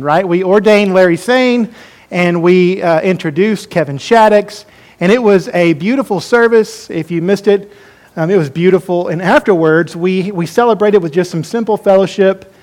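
A man's voice: sits high, darkish tone. A man preaching a sermon as pastor, folksy and joking as he talks to his congregation.

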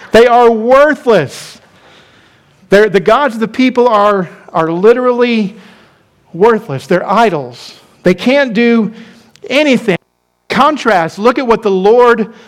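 A male pastor preaching a sermon, stressing points by repeating phrases and calling the congregation to respond. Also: very high-pitched.

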